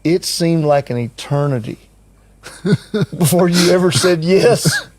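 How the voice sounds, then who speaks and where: A man's voice: on the high side, a little slow, darkish tone, no room sound. An older man telling a story in casual conversation, acting out what others said and chuckling often. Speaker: team member recounting a trip.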